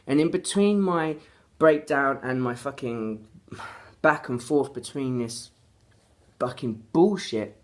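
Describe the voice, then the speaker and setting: A woman's voice: a bass voice, takes it slowly. A woman from London with a London accent, ranting angrily to camera in a vlog and swearing heavily as she repeats her complaints. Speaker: vlogger. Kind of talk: angry vlog rant.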